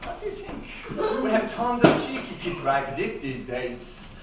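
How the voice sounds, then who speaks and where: Playful comic storyteller, man with a Japanese accent; slow, animated, live stage echo. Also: high-pitched, heavy background noise. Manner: playful, self-mocking, theatrical. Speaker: rakugo storyteller. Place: theater stage. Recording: echoey theater, mic far off.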